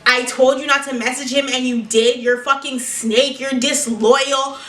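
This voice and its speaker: A woman's voice: high voice, fairly even intonation, a little slow, a bit bright, echoey room. A woman quoting an accusing teenage girl. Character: angry teenage girl, ex-best friend accusing.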